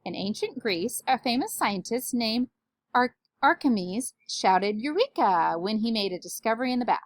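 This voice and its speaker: A man's voice: high voice, animated, normal speed, no echo, clean studio sound. A woman voicing a pompous male professor judging a science fair, read aloud from a storybook.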